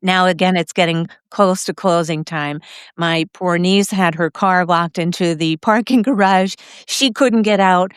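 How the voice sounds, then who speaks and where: A middle-aged woman hosting a podcast, telling a personal story in a lively way, laughing often. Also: fairly low pitch, measured pace, clear, resonant tone, dry recording, clean studio sound. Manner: lively, acts out other people's lines, laughs often.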